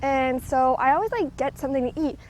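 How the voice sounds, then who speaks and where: Fast-talking young woman rambling while walking. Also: high voice, animated, darkish tone, slight background noise, poor audio. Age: young adult. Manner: rambling, chatty, lots of fillers. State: slightly out of breath from walking. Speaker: vlogger. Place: outdoors, walking to work. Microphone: handheld recording device with clip mic.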